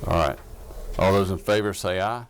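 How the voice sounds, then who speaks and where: A man chairing a legislative committee, reading amendments slowly and deliberately. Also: deep voice.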